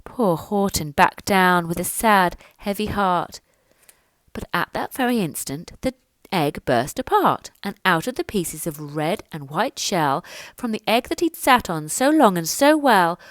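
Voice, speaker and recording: Woman storyteller, lively and sing-song, dry close mic. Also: medium pitch, a little slow, no room sound, low-quality recording. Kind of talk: reading a children's picture book aloud.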